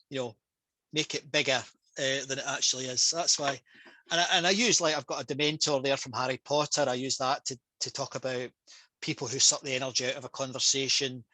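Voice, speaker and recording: A man's voice: mid-range voice, no echo, rough recording. A man with a Scottish accent, a public speaker and trainer, talking casually and with passion on a video call over a headset. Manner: passionate, energetic storytelling.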